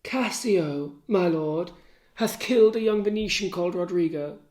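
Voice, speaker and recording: A man's voice: normal speed, a little mellow, lightly acted. A man voicing a loyal, outraged maidservant in a raised voice, crying out in alarm. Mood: urgent. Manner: high, cries out in alarm. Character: loyal, outraged female servant, middle-aged. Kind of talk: dramatic reading of a play.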